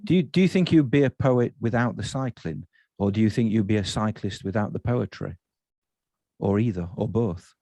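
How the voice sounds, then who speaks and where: Mellow low-voiced man hosting online. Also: normal speed, no room sound. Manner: rambling, self-correcting questions. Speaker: festival session host. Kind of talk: online festival interview.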